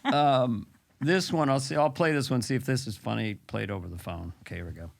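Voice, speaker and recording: A man's voice: mid-range voice, fairly quick, vocal fry. A man hosting a comedy show, riffing casually and laughing at his own material. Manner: giggly, self-deprecating riffing. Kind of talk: casual chat.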